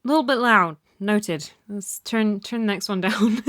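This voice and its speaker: A woman's voice: medium pitch, a little slow, few pauses, a bit bright, no room sound, studio quality. A woman voice actor chatting casually between takes at home, giggly and self-mocking, a little teary. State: teary from emotional scenes. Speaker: voice actor in a fan audio drama. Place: home recording setup at night.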